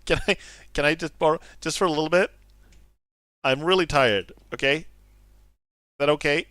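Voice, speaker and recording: A man's voice: fairly high pitch, normal speed, a bit bright, dry recording, clean studio sound. A man giving casual gameplay commentary, giggling often, shifting between mumbled asides and sudden alarmed outbursts, apologizing sheepishly. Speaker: gaming streamer.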